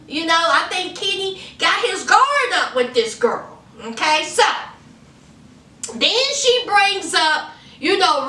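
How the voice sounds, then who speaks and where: A very high, bright woman's voice swoops all over as she dishes on a reality show, sassy and chatty and quick to laugh. She takes her time with each line. The sound is roomy and echoey, with the mic set a little away from her. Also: distant mic. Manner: chatty, sassy, laughs often, calls viewers honey. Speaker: reality TV reviewer. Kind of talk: casual episode recap.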